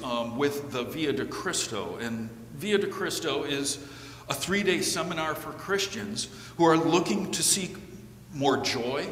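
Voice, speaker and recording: A man preaching a sermon in a measured way, with the odd filler. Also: medium pitch, fairly bright tone. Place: church sanctuary. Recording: echoey church with long reverb, faint hum.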